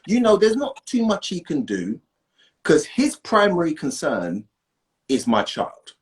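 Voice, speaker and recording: A man's voice: fairly high pitch, unhurried. A man, a guest in a casual conversation, talking emphatically and checking in with "right?". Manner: animated, emphatic, asks "right?" often.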